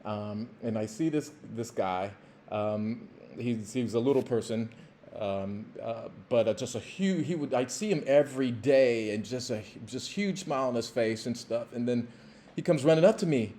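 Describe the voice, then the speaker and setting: A man hosts a podcast and tells a story in a relaxed, casual way. He rambles and halts, repeats himself, and fills gaps with "uh" and "you know." His voice sits at a middling pitch. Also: slight background noise. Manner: rambling, halting, many fillers and restarts. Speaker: podcast host, former pro football player.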